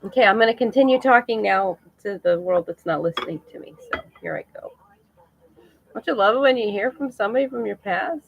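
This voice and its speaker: A woman's voice: medium pitch, a little fast, creaky, dull audio. A middle-aged woman chatting casually and emotionally on a live stream to her viewers, laughing often.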